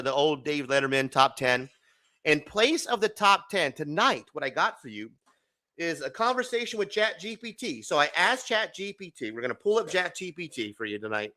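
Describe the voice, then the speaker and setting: Man, high and bright, hosting a loose late-night stream, animated, jokey, swears. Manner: animated, chatty and joking, often laughing and swearing. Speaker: livestream host. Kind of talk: casual late-night livestream chat.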